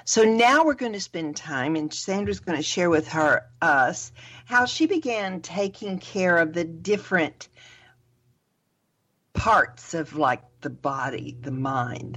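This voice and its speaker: Woman host with a deep voice who keeps the chat casual and laughs along. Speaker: radio show host. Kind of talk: casual radio talk.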